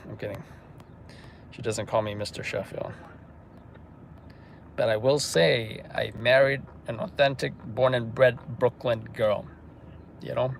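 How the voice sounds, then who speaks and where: A man who works as a news stringer, reading viewer comments aloud in a relaxed, low-key way during a livestream. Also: normal speed, gravelly, a little hiss or hum. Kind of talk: casual livestream chat.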